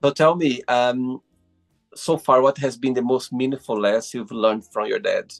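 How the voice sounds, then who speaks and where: A man's voice: medium pitch, steady tone, normal speed, vocal fry. A male interview host on a video call, with faint music playing behind him. He reads out questions in an encouraging tone, and his phrasing is a little uneven.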